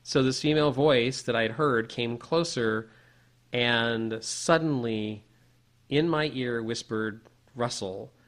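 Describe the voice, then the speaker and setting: A man co-hosting a podcast, telling a personal story in a casual, animated way with many restarts. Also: mid-range voice, slow pace. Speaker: podcast co-host.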